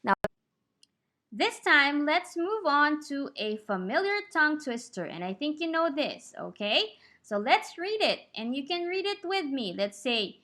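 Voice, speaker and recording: A woman teaching English pronunciation in a slow, clear lesson. She is patient, often checks in with "okay?" and drills words slowly and deliberately. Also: high voice, sing-song, sharp tone.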